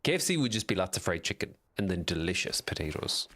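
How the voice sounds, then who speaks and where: An excitable man chatting casually and swearing while live-streaming a game, reacting loudly and answering chat. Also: low voice, fast. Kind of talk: casual live gameplay commentary.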